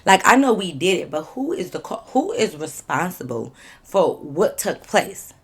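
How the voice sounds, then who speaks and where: A woman with a somewhat low voice tells a story straight to her viewers in a casual vlog. She talks bluntly and with energy, swears freely, repeats lines for emphasis and keeps asking viewers what they think. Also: very animated, a little slow, breathy edge. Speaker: vlogger telling a story.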